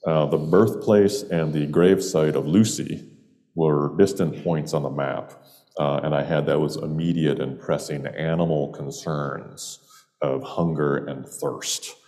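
A man's voice: extremely low pitch, steady tone, a little slow, warm tone, in a large hall. A man from upstate New York telling a humorous personal story in a wry, meandering way with playful digressions. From Jamestown, New York, US.

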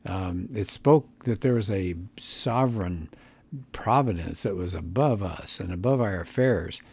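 A man's voice: lowish voice, darkish tone, husky, dry recording. A man hosting a book review show, talking through a book in an earnest, reflective, conversational way. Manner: earnest and reflective, musing aloud.

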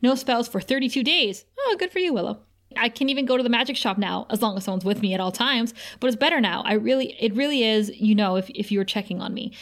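Woman podcast co-host, casual recapper, higher voice, laughs often. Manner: recaps scenes with quick quoted lines and frequent laughs.

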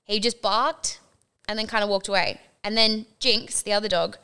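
A bright, crisp-voiced woman co-hosting a casual podcast. She tells stories with lots of energy and swears freely along the way. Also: mid-range voice, moderate pace. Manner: animated storyteller, swears freely. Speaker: podcast co-host. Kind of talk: casual storytelling chat.

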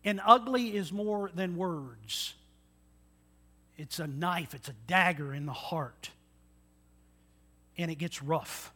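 A man's voice: a little high, animated, takes it slowly, long pauses, bright, forceful tone. A man preaching a sermon, earnest and folksy, often putting questions to the congregation. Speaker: pastor.

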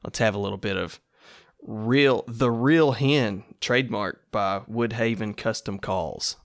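A man's voice: on the low side, measured pace, no echo. A man hosting a casual solo podcast in a laid-back, rambling, self-amused way. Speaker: podcast host.

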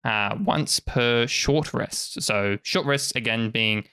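A man's voice: mid-range voice, takes it slowly, bright, forceful tone, clear, resonant tone, no echo. A man acting as game master, explaining rules and narrating in a casual, rambling way with frequent fillers.

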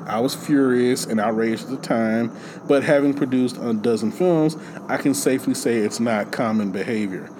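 A man chatting casually about a film, animated and acting out lines with big jumps in his voice. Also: mid-range voice, moderate pace, noisy background. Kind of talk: casual movie chat.

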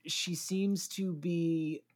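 A woman guest on a podcast in casual chat, animated and prone to mocking voices. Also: fairly low pitch, drawn-out words.

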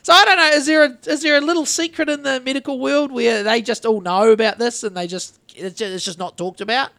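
A man with a fairly high voice rambles through a tale on a casual podcast, swearing freely. He sounds close and dry, with no room around him. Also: steady tone, fairly quick, creaky, pushed and bright, no room sound. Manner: rambling, swearing anecdotal storyteller. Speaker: podcast host.

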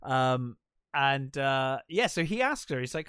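A man chatting casually on a podcast, his pitch rising and falling a lot as he talks. He restarts sentences often and swears now and then. The sound is dry, with no room echo. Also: very animated, measured pace, fairly bright tone, clean tone. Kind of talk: casual chat retelling a film scene.

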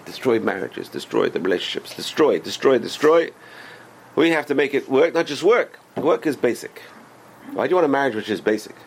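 A man teaching a religious class as a rabbi, animated and full of rhetorical questions to his students. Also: medium pitch, a little fast, vocal fry, husky.

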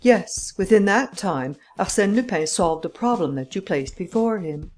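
A woman voicing a businesslike English male detective who speaks in a dry, crisp, clipped way. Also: mid-range voice, lively intonation, moderate pace, a little mellow, soft background music, voice pushed up, close to an everyday voice.

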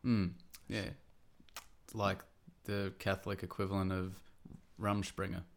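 A man hosting a podcast, chatting casually with low-key, dry remarks. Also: level tone, unhurried, vocal fry. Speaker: podcast host. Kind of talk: casual chat.

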